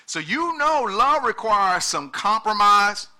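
Bright, emphatic male preacher. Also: high-pitched, very animated, slow pace. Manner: emphatic preaching with repeated words and calls to the congregation. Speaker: pastor. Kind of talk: sermon.

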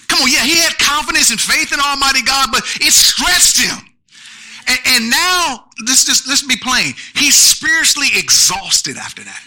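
A pastor preaching an animated sermon with features, calling out to the congregation. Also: male voice, very high voice, rough recording. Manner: animated preaching with call-and-response asides.

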